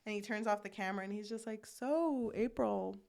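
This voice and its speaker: A woman's voice: medium pitch, racing. Young woman eagerly retelling a movie. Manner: animated, acts out character lines while recapping. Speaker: podcast co-host. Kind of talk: casual chat retelling a movie plot.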